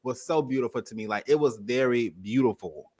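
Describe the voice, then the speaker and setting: A man's voice: mid-range voice, a little fast, a crowd in the background. A man on a panel talking through a reality show episode in a casual, dramatic, gushing way. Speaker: recap panelist.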